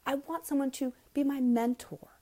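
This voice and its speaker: A middle-aged woman hosting a live parenting question-and-answer chat, talking in a blunt, frank and emphatic way and reading out viewer comments. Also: moderate pace. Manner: animated, with sudden jumps up in pitch. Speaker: parenting coach host.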